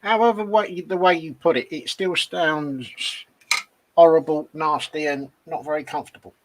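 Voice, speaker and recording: A man with a slightly higher voice chipping in with brief, dry, understated comments in a casual chat. A light hiss sits under his voice. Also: steady tone, normal speed. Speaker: co-host of a model-building livestream.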